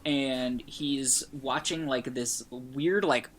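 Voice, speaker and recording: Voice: medium pitch, steady tone, extremely slow. A podcast co-host casually retelling a film's plot with lots of filler words. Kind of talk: casual movie discussion.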